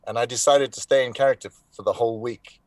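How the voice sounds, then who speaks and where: A man of middle pitch tells stories in a relaxed interview, animated and unhurried, with frequent false starts. His voice sounds close and dry, with no room around it. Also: dry recording. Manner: animated anecdotes with hesitant restarts. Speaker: actor being interviewed. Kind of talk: casual interview storytelling.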